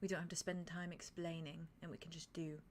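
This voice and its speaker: A woman voicing a shrewd, wary grandmother and clever female politician in a tabletop role-play, with a dry, measured, slightly formal way of talking. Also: lowish voice, little pitch movement, noisy background, voice pushed down, lightly acted. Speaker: player voicing a grandmother character.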